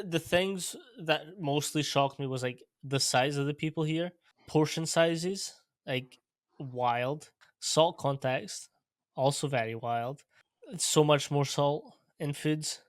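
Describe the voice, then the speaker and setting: A young Scottish man chatting casually as a podcast host, laid-back and quick to laugh. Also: on the high side, dry recording, studio quality. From Scotland. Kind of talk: casual interview chat.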